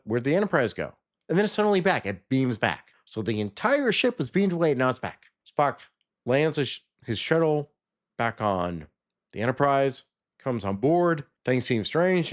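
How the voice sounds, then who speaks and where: A man casually recapping a TV episode, sarcastic and animated, sometimes mimicking the characters. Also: a little high. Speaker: TV episode reviewer.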